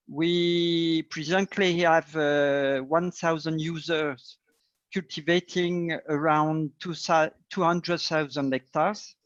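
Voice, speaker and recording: A man with a French accent, a native French speaker, reads his company introduction at a very slow, deliberate pace. His voice sits a little high and halts on words now and then. The sound is dry and dull, like lo-fi call audio. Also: dry recording. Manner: slow, careful, halting. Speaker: company director. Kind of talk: reading prepared introduction.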